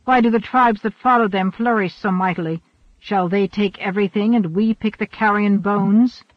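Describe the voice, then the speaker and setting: A man's voice: high voice, steady tone, moderate pace, no room sound, lightly acted. A man reading the part of an eager young warrior in an audiobook, asking heated questions. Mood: indignant. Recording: dull, dry recording.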